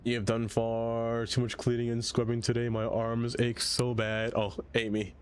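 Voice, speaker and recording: A man's voice: mid-range voice, completely flat delivery, normal speed, smooth. A man streaming a city-building game, rambling casually to his viewers and getting sidetracked by chat. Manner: rambling, chatty, easily sidetracked.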